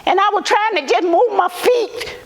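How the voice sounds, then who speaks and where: Actress doing a woman activist, slow high voice, halting earnest testimony in an echoey hall. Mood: anguished. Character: Southern Black woman civil rights activist testifying. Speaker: actor in museum portrayal. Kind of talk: first-person historical monologue.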